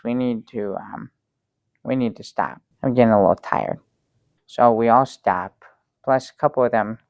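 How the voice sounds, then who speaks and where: Man doing a clueless sidekick with a gravelly voice, halting and rambling, dry close sound. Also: fairly low pitch, no echo, dull audio. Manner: rambling, halting with many ums, sincere. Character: naive dim-witted male sidekick Bert. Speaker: show regular. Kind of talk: improv sketch comedy.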